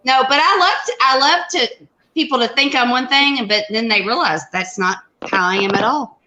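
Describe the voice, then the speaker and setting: A woman's voice: sits high, normal speed, sharp tone, a little hiss or hum, poor audio. A woman chatting playfully on a live stream, laughing easily. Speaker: chat participant. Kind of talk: casual live-stream chat.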